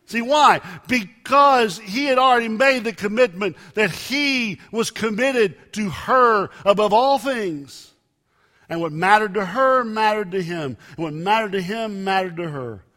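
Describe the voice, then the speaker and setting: A man preaching a sermon, with emphatic loud rises and soft drops. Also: sits high, animated, unhurried. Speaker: pastor. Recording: long reverb of a large hall.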